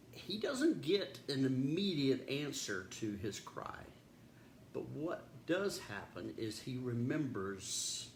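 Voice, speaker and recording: A man serving as pastor, reading scripture and giving a reflective, earnest devotional talk. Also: mid-range voice. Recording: roomy echo with faint background noise.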